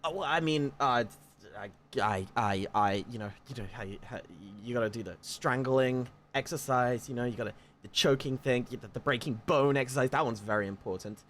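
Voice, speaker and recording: A man from the south of England with a southern English accent, chatting casually with his live audience. He stammers into restarts and jumps into high excited squeals. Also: brisk, slight background noise. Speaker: livestreamer. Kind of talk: casual chat reading live comments.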